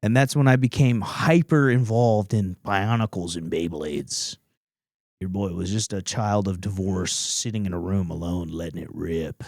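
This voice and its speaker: A man's voice: low voice, normal speed, darkish tone, no echo, clean studio sound. Blunt, foul-mouthed comedian man. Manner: profane, rambling, blunt storytelling. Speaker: podcast host and comedian. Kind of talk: solo comedy podcast monologue.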